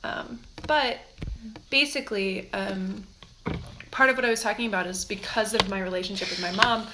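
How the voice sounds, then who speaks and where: A young woman co-hosting a casual tarot chat, halting and giggly, with lots of fillers. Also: mid-range voice, background noise. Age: young adult. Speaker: tarot co-host.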